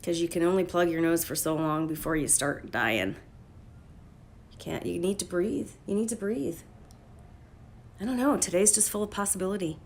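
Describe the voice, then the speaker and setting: A woman life coach talking casually on a phone livestream. She is blunt and profane and breaks into loud, emphatic bursts. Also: on the low side, moderate pace, pauses often, a little hiss or hum. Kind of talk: casual motivational livestream talk.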